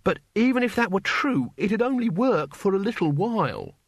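A man's voice: high voice, very animated, moderate pace, no room sound, clean studio sound, voice pushed up, exaggerated voice. A man voicing a fussy, nervous male teacher who protests politely. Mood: protesting. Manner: prim, protesting.

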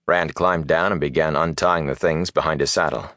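A man narrating a fantasy audiobook with expressive, lively storytelling. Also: rumbling low, moderate pace, hardly any pauses, no echo, clean studio sound.

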